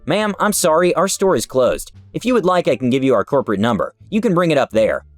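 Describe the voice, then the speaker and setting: A courteous store manager who stays firm under pressure, as a man narrating reads her. The voice sits a little higher and moves around in pitch, in a dry recording. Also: sing-song, quick pace, dry recording, soft background music. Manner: polite and firm.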